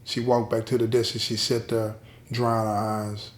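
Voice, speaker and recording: A man telling a prison love story in a plain, street-style way, with drawn-out pauses. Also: fairly low pitch, little pitch movement. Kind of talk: spoken storytelling. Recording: roomy echo.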